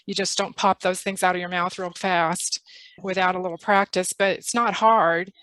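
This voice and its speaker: A woman's voice: fairly low pitch, steady tone, moderate pace, fairly bright tone, dry recording, low-quality recording. A woman presenting at a literacy conference workshop, talking casually with fillers. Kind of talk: conference talk. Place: conference room.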